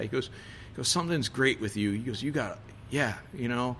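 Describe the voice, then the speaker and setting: A man telling a story on a podcast in a lively, loose way, full of swearing and fillers, his voice sitting at a middle pitch. He leans into the voices of the people he quotes, and there is a faint hiss of noise behind him. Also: fairly quick. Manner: animated, profane storytelling with many fillers. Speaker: chef, podcast guest. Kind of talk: casual storytelling interview.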